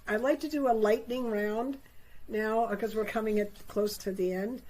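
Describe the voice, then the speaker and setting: A woman hosting a panel discussion, affirming and gently encouraging as she hands over questions. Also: fairly high pitch, steady tone, normal speed, low-quality recording. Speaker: host and facilitator.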